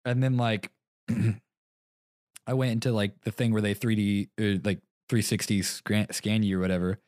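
A man's voice: lowish voice, little pitch movement, measured pace, darkish tone, no echo, studio quality. A young man co-hosting a podcast, rambling through stories, acting out both sides of conversations and laughing often. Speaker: podcast co-host. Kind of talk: casual chat.

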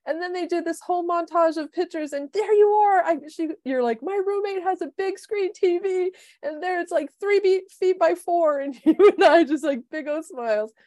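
A woman in her fifties, co-hosting a podcast as a life coach, telling stories with lively quoted voices. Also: extremely high pitch, moderate pace, hardly any pauses, no echo. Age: 50s. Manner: animated storyteller, acts out quoted voices. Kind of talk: casual chat. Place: home, city.

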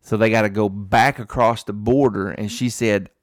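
A man's voice: lowish voice, steady tone, normal speed, slight background noise. A man co-hosting a podcast, telling a long, rambling story full of restarts and fillers in a casual chat. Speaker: podcast co-host.

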